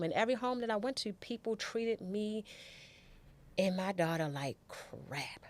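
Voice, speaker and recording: Woman telling a halting personal story. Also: fairly low pitch, expressive, darkish tone, dry recording. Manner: halting, with restarts and emphatic repetition. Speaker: guest storyteller.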